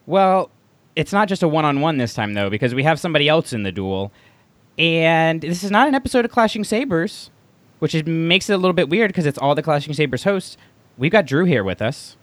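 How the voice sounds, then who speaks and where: Animated, playful male podcast co-host. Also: fairly high pitch, a little fast, dry recording. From Texas, USA. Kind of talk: casual chat.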